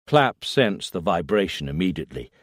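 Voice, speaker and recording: A man narrating a thriller audiobook in a measured, low-key way on a close mic. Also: sing-song, no room sound. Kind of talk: scripted narration.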